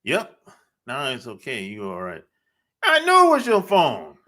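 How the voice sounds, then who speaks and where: A man's voice: medium pitch, huge pitch swings, bright, forceful tone. A man hosting a podcast, talking bluntly in a casual monologue and laughing often. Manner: blunt, laughing often, drawn-out emphatic phrasing. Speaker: podcast host.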